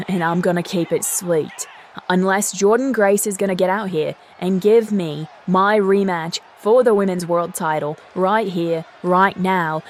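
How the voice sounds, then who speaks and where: A woman's voice: medium pitch, a little hiss or hum, close to an everyday voice. A woman playing a furious cursing female wrestler. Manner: menacing, threatening, curses. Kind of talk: wrestling promo in a fan-voiced game story.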